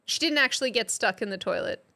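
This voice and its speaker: A woman's voice: on the high side, expressive, fast talker, creaky, sharp tone. An Australian woman chatting casually on a live stream, quizzing her chat like a teacher. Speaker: substitute streamer.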